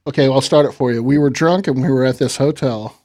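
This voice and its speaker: A man's voice: mid-range voice, quick pace, darkish tone. A man hosting a casual interview, asking questions in a friendly way with plenty of fillers. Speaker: interviewer host.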